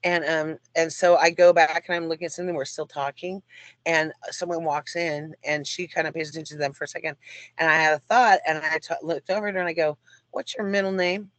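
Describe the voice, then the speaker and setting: A woman's voice: sits low, fairly quick, dry recording. Talkative woman telling a story, dry sound. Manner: talkative, animated, laughing often. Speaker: guest. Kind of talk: storytelling chat.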